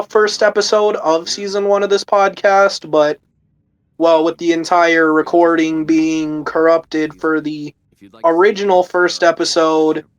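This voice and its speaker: Young male co-host, fairly high pitch, relaxed and easygoing. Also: clean tone, rough recording. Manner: relaxed, keeping voice down. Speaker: podcast co-host. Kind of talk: casual chat.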